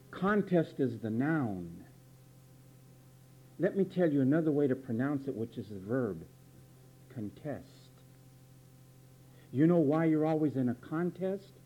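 A man delivers a sermon in a fairly high voice, emphatic and repetitive. He drills word definitions and keeps asking rhetorical questions. The sound is muffled, like an old lo-fi tape. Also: breathy edge. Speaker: preacher. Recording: dull lo-fi recording.

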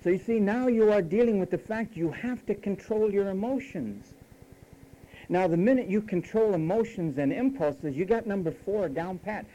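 A man preaching a sermon in an emphatic, teasing way, dropping to hushed asides between louder points. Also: sits high, moderate pace, muffled recording.

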